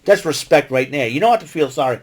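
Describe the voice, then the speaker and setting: Excitable rambling man recapping wrestling. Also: a little high, fast. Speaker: podcast host recapping wrestling. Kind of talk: casual solo recap show.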